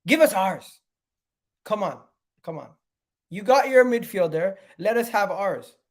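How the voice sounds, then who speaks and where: A man hosting a live fan stream, ranting in frustration and repeating his phrases again and again, swinging from loud outbursts to low muttering. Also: expressive, a little slow. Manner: exasperated, repeats phrases over and over. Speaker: fan channel host.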